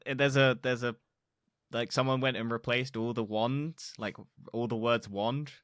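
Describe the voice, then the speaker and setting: A young man co-hosts a podcast, chatting casually and bluntly with crude asides. His medium-pitched voice is steady, fairly bright and a little slow. The clean studio sound has no room sound.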